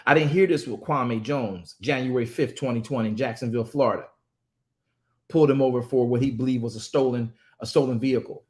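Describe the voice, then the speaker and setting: A man's voice: mid-range voice, fairly quick. A man from a ministry giving impassioned commentary, emphatic and repetitive, often stammering as he restarts phrases. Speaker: ministry speaker.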